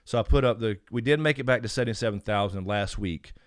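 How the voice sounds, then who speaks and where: A man with a smooth, fairly low voice chats loosely through a live stream Q&A, greeting viewers and wandering between thoughts with plenty of fillers. The sound is dry and close, with no room around it. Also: fast, no echo. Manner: rambling, reads chat names aloud, frequent fillers. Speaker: YouTube channel host. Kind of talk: casual live stream Q&A chat. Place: home.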